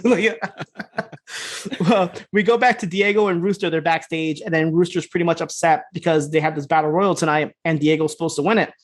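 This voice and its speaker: A man co-hosting a podcast, casually retelling scenes in a loose, fast way, slipping into quick quoted voices and laughing. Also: a little high, fairly even intonation. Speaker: podcast co-host. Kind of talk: casual recap chat.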